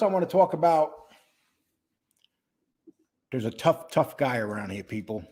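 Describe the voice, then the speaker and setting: A man's voice: on the high side, a little mellow, breathy edge. Blunt older man hosting a livestream. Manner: greets viewers by name, blunt and mocking. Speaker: livestream host. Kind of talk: casual livestream chat.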